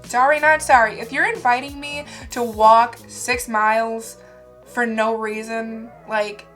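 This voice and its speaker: A woman's voice: on the high side, steady tone, slow, a bit bright, soft background music. A young woman telling funny stories about herself in a casual vlog, chatty and laughing often. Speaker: vlogger. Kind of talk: casual storytelling to camera.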